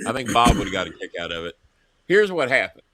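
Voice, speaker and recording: A man hosting a talk show, telling profane political stories in a lively, animated way. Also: mid-range voice, fairly quick, dry recording. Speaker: show host. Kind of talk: casual political chat. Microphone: earpiece headset.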